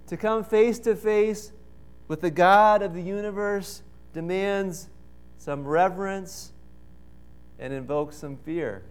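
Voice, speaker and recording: A man preaching a sermon with slow, emphatic delivery and dramatic pauses. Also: sits high, smooth. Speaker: pastor.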